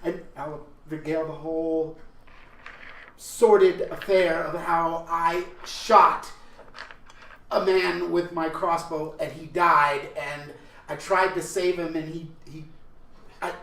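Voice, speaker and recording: A man's voice: a little high, normal speed, a bit bright, close to an everyday voice. A man voicing a rambling, melodramatic friar in a tabletop game. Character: dramatic, self-pitying male friar who loves drink. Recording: roomy distant mic, faint noise.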